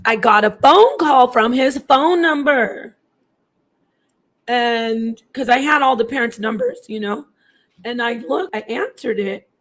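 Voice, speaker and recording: Slow and expressive, her fairly bright voice sits a little high as this woman in her thirties shares a personal story. She wanders off on tangents, restarts often and voices the people she quotes.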